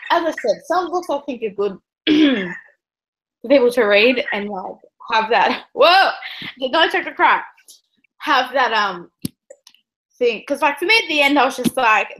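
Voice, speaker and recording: A woman's voice: sits high, fairly bright tone, low-quality recording. Tearful woman rambling about a book. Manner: emotional, tearful, rambling with many likes. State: close to tears. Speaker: book club co-host. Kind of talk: casual book discussion.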